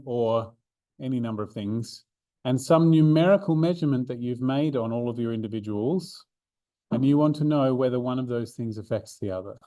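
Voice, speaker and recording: A man's voice: medium pitch, mellow, dry recording. A man, a maths learning centre coordinator, explains a revision seminar step by step with fillers and restarts. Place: room, drawing notes for an overhead camera.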